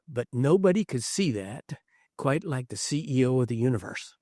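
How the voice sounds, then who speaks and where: A man preaching a leadership sermon as an animated storyteller, acting out the voices of the people in his stories. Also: medium pitch, normal speed, no echo, studio quality. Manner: animated storyteller, acts out quoted voices, chuckles. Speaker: pastor speaking on leadership. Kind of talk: conference sermon.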